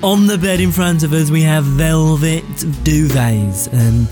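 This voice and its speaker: A man hosting a comedy sketch as a smarmy would-be seducer, slowing to a mock-sultry hush on the innuendo. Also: on the high side, animated, over music. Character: smarmy would-be lover man, self-serious. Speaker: comic host playing a seducer.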